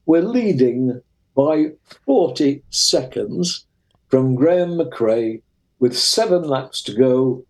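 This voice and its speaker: An older man from Lancashire, England, speaks with a Lancashire accent in a mid-range voice, taking his time. He's a retired racing driver appearing as an interview guest, telling vivid anecdotes with lively energy. The recording quality is low.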